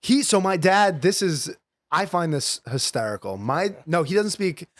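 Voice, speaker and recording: Animated young New York comedian, dry sound. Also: male voice, high-pitched, a little slow, no room sound. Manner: animated storyteller, slips into impressions. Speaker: guest comedian. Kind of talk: casual podcast chat.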